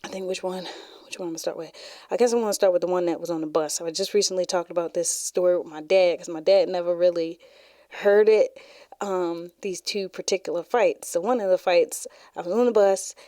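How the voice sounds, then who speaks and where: A woman with a lowish, warm, mellow voice rambles through stories from her school days, dropping "like" every few words. She sounds close to the mic in a small, dry room. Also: steady tone, fairly quick, no echo. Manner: chatty, rambling, many "like" fillers. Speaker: podcast host. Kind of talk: casual storytelling.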